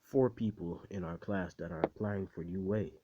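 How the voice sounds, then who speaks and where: Guy doing deadpan offhand teacher, low voice, muffled recording. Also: moderate pace, noisy background, lightly acted. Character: offhand male schoolteacher.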